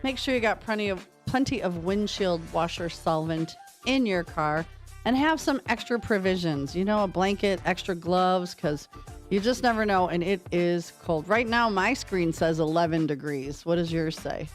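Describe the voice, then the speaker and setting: A woman's voice: lowish voice, moderate pace, faint music behind. A woman co-hosting a morning radio show in a studio, chatting and telling playful little stories. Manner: playful storytelling, chatty and animated. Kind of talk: casual morning radio chat. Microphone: studio microphone.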